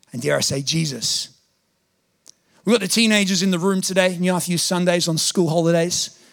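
A pastor preaching with high energy, his voice sitting high and a little gravelly. He tells his story playfully, acting out the voices of others. The sound is close and dry, with no room behind him. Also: dry recording. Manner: animated, acts out quoted voices, jokey. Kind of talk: sermon with animated storytelling.

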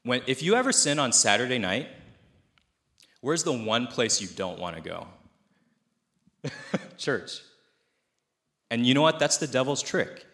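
A man's voice: mid-range voice, big pitch swings, unhurried, pauses often, a bit bright. A man in his thirties, a pastor, giving a conversational, self-deprecating sermon in a church. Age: 30s.

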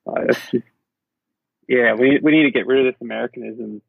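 Gravelly Australian guy telling stories. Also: mid-range voice, fairly even intonation, a little fast, no echo. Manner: rambling, self-interrupting storyteller with fillers. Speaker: podcast guest. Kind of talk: casual chat. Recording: dull lo-fi sound.

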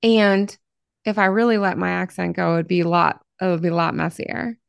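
A middle-aged woman from Southern Ohio hosting a podcast, talking in an effusive, expressive way. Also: lowish voice, normal speed, vocal fry, clean tone, dry recording. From Southern Ohio, Appalachia. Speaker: podcast host. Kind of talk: conversational interview.

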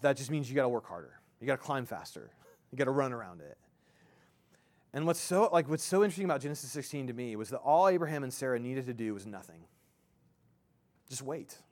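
This sermon comes from a medium-pitched pastor in his thirties who keeps things relaxed and chatty. Working through his ideas aloud, he frequently trips up, restarts, and fills gaps with filler words.

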